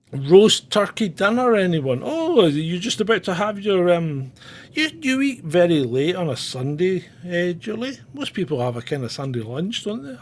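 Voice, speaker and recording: Middle-aged guy rambling on a stream, irreverent, chuckles a lot, voice sits a bit high. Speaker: channel host. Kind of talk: casual livestream chat.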